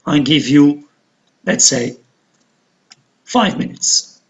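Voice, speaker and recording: A woman teaching an English lesson, saying each word slowly and repeating it carefully for pronunciation. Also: low-pitched, expressive, lo-fi sound. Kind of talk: classroom lesson, slow and deliberate.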